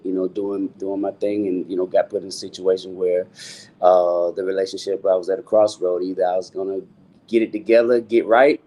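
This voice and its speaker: A man's voice: low voice, mellow. A middle-aged man, a singer talking loosely in an interview and filling his talk with "you know what I'm saying". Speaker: guest singer.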